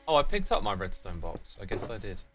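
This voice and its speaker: A man's voice: on the low side, very animated, brisk, fairly bright tone, faint music behind. A British man streaming a game, thinking aloud and chatting with his viewers in a casual way. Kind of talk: casual livestream commentary.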